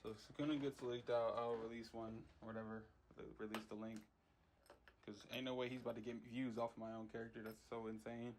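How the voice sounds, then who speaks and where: A little hiss or hum sits under this casual vlog, where a young MUGEN character creator rants fairly quickly in a flat, medium-pitched voice. Frustrated and rambling, he leans on slang and repeats words.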